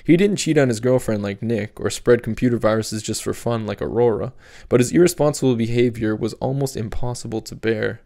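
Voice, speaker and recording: A man narrating an audiobook chapter in a steady, measured reading. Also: medium pitch, gravelly. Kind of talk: scripted narration.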